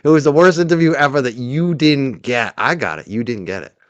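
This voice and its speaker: A man's voice: mid-range voice, lively intonation, brisk, dry recording, highs cut off. A man co-hosting a casual streaming chat, sardonic and laughing, explaining a topic in detail. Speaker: co-host. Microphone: streaming mic.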